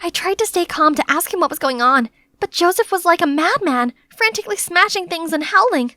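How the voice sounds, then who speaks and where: A young woman narrating her own animated story in the first person, in a chatty, playfully dramatic way. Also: extremely high pitch, brisk, few pauses, no echo. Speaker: narrator and maid character.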